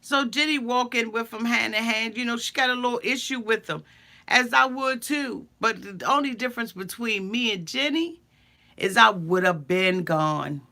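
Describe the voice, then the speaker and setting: A woman's voice: on the high side, moderate pace, pushed and bright. A woman giving a blunt, profane, sassy comedic recap of a reality show, stammering through her asides.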